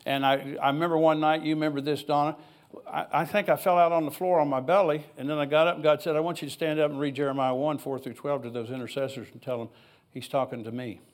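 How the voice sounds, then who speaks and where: A man's voice: fairly high pitch, steady tone, quick pace, hardly any pauses. An older man preaching a sermon in a church, reading scripture aloud and rambling into personal asides in an easygoing, conversational way. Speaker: pastor.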